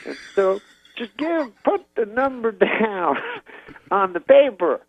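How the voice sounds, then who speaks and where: A man putting on the voice of an older male comedian who speaks in broken fragments and drawn-out exclamations. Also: high voice, animated, no room sound, pitched above the performer's own voice, full character voice, poor audio. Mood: grand. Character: older male comedian, booming, clipped half-sentences.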